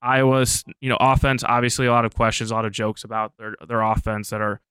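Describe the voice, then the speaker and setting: Crisp-voiced male betting analyst. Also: medium pitch, quick pace, no echo. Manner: steady, informed, methodical. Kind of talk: studio sports analysis.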